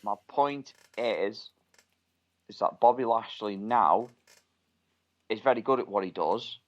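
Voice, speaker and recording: Man, low voice, blunt, sweary, casual podcast chat, dull lo-fi sound. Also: slow. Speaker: podcast co-host.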